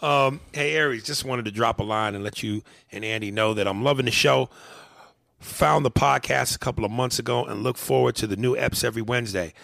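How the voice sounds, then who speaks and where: A male podcast host with a gravelly edge to his voice, riffing loosely and cursing freely. The sound is close and dry, with no room around it. He is chatty and jokey, reading listener emails and teasing his co-host. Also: medium pitch, fairly quick, a bit bright, no room sound. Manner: loose, profane, jokey banter. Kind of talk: casual podcast chat.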